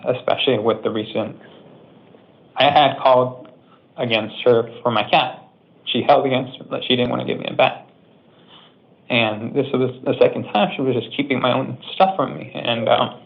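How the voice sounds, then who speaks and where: Brief: gravelly male defendant, upset, halting and rambling, dull lo-fi audio. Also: mid-range voice. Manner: halting, rambling, full of restarts and sighs. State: upset and emotional. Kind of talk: emotional courtroom plea.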